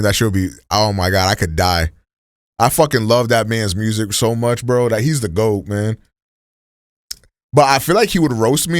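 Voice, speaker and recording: A man's voice: on the low side, no echo, studio quality. A man streaming live, chatting casually in a rambling, profane, slang-heavy way as he reacts to videos.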